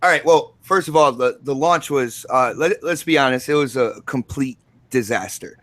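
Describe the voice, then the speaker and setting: A man's voice: mid-range voice, moderate pace, a bit bright, no room sound. A man in a casual gaming chat giving blunt, opinionated takes.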